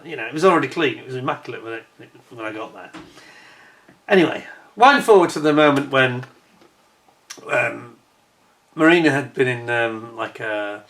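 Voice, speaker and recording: A man chatting casually to camera, telling a personal anecdote in an animated way with frequent restarts and laughs. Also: medium pitch. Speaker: vlogger.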